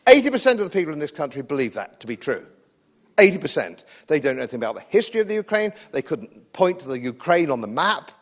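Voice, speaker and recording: A man with an English accent delivers a combative political speech to a live crowd. He is sardonic and repeats key phrases for emphasis. His pitch sits a little high and moves widely. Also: sing-song, fast. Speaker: speaker at a public event.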